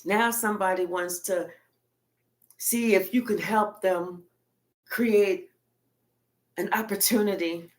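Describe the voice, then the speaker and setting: A woman's voice: medium pitch, steady tone, slow, pauses often. A woman giving a casual tarot reading in a blunt, colloquial manner with frequent cursing. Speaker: tarot reader.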